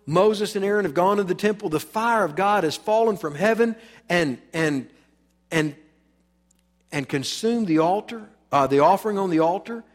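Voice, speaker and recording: A man preaching a sermon in a church, dramatic and emphatic, acting out the voices he quotes and swinging from loud to soft. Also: high-pitched, normal speed, in a large hall. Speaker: pastor. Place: church sanctuary.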